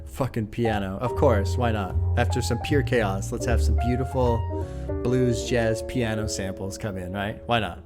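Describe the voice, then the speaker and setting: A man's voice: on the low side, steady tone, normal speed, loud music behind the voice. A man hosting an album reaction, enthusiastic and laughing often, swearing freely as he talks. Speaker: music reaction host. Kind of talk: casual album reaction commentary.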